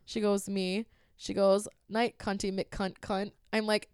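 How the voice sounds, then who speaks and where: A woman's voice: medium pitch, level tone, unhurried, a little mellow, smooth, no echo. A woman telling a long, profanity-laced story in casual chat, laughing often as she recounts a text exchange.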